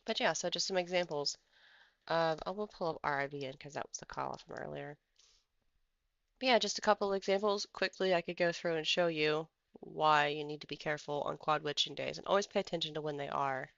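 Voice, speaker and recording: A trading streamer chats through charts in a casual live commentary, drifting and thinking aloud. The voice has a gravelly, fry-edged texture. The sound is dry and a little dull, like a lo-fi home mic. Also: mid-range voice, steady tone, fairly quick, fairly bright tone, no echo. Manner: rambling, thinks aloud while scrolling charts. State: has the hiccups.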